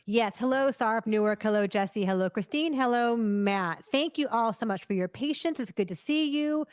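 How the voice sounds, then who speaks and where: A woman's voice: fairly high pitch, moderate pace, smooth, no room sound, clean studio sound. A woman co-hosting a live movie news stream, chatting casually and greeting viewers by name, with frequent ums.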